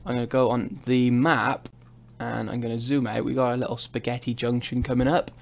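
A man's voice: mid-range voice, little pitch movement, a little fast, vocal fry. A young man streaming a truck driving game, chatting casually and mocking himself as he drives. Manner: chatty, rambling, self-mocking. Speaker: gaming streamer. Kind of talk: casual live gameplay commentary.

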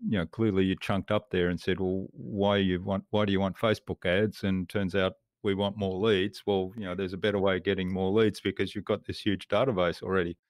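Low-voiced podcast host, dry sound. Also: male voice, level tone, brisk, hardly any pauses, no echo. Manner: reflective, summarizing, uses fillers. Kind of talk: interview.

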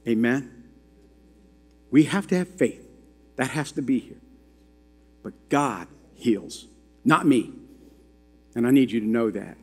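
A man's voice: medium pitch, a little mellow. A man preaching a sermon to his congregation, telling a story and putting emphatic questions to the listeners. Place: church sanctuary. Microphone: handheld or stand microphone. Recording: long hall reverb in a church.

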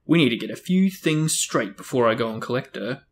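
A snarling, blustering middle-aged uncle barks threats in a storybook reading, as a man acts him out. The voice sits in a middle pitch, pushed a little louder than plain reading. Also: animated, a little fast, slight background noise, natural voice. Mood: gruff.

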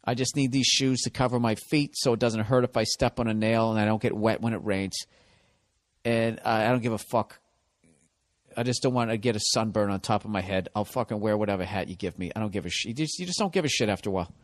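A middle-aged man hosting a podcast, delivering a profane, sardonic comedic rant that swings from low mutters to loud outbursts into a close microphone. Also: fast, dry recording. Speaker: podcast host.

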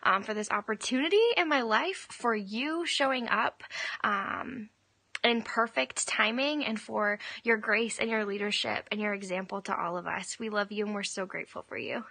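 A woman's voice: mid-range voice, moderate pace, gravelly, pushed and bright. A woman giving a sincere, grateful video message to her team leader. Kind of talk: heartfelt recorded message.

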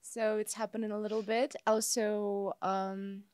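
A woman speaking as a podcast guest in a measured, thoughtful way with occasional fillers. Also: medium pitch, flat delivery, darkish tone, smooth, no echo, studio quality. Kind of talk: casual conversation.

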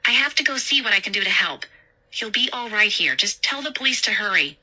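A woman's voice: medium pitch, expressive, fairly quick, sharp tone, voice pushed up. A woman reading a story aloud and voicing a frightened but brave young mall worker in a raised, urgent voice. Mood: determined. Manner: urgent, breathless, alarmed.

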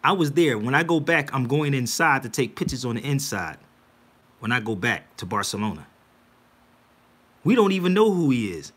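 Animated husky man preaching to viewers. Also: mid-range voice, normal speed, long pauses. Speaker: livestream host. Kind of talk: casual livestream talk to viewers.

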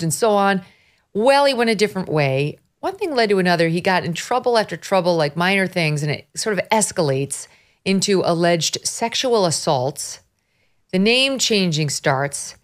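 Animated woman podcast host. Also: mid-range voice. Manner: animated storytelling, quick asides. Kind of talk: casual podcast commentary.

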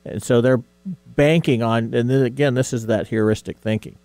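A man's voice: medium pitch, fairly even intonation, normal speed, a little mellow, no room sound. Man, radio co-host, wry, skeptical, explains things, dry studio sound. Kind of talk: casual radio talk show chat.

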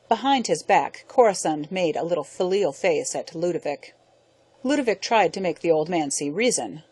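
A woman narrating a science fiction audiobook in a steady, measured reading. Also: lowish voice, slightly rough, no room sound. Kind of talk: scripted narration.

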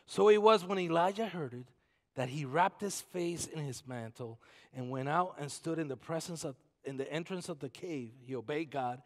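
High-voiced preacher man in an echoing church. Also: normal speed. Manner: preaching with scripture reading, swinging from hushed to loud. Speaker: pastor. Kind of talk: sermon. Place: church sanctuary.

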